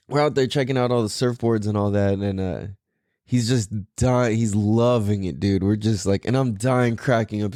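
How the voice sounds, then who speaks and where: Animated laid-back surfer-dude podcaster. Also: male voice, medium pitch, dry recording, studio quality. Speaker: podcast host. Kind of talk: casual podcast monologue.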